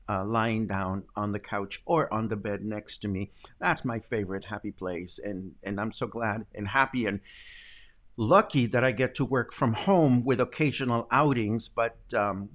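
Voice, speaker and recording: A middle-aged man hosting a daily live stream from home, chatting casually with viewers and rambling with many ums and self-corrections. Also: fairly low pitch. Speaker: host.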